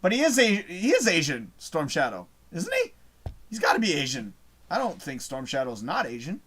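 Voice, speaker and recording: A man's voice: a little high, huge pitch swings, moderate pace, fairly bright tone. A man hosting a live show, reading out chat messages in a casual, rambling way, swearing often and losing his train of thought.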